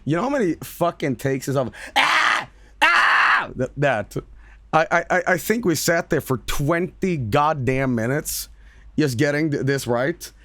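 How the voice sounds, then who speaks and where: A man chats casually on his stream, emphatic and quick to repeat himself, swearing freely. His pitch moves in lively leaps. The sound is dry and close to the mic. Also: no echo. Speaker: streamer and voice actor. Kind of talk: casual livestream chat.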